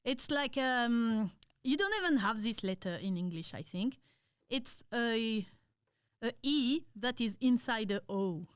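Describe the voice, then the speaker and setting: A woman's voice: on the high side, expressive, measured pace, smooth, no room sound, studio quality. A woman from France with a French accent, a tattoo artist guest in casual chat, hesitant and searching for words with many ums.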